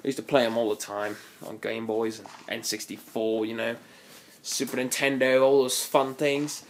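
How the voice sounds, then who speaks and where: Guy rambling on while gaming, mid pitch, chatty, keeps restarting sentences. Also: flat delivery, normal speed, slight background noise. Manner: chatty and rambling, with frequent restarts and playful exaggeration. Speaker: gaming video host. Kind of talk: casual gameplay commentary.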